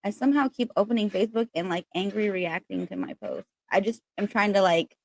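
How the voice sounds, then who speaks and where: A woman's voice: mid-range voice, expressive, fairly quick, gravelly. Chatty woman rambling on a livestream. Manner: rambling, filler-heavy, chatty. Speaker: spiritual livestream host. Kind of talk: casual livestream chat. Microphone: laptop.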